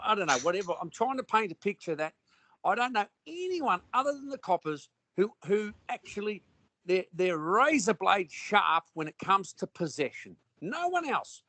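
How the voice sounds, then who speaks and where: An Australian man with a fairly high voice, talking in a loose, rambling way full of restarts, blunt slang and swearing. He sounds close to the mic in a dry space with no room echo. It is casual conversation. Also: big pitch swings, moderate pace, bright, forceful tone.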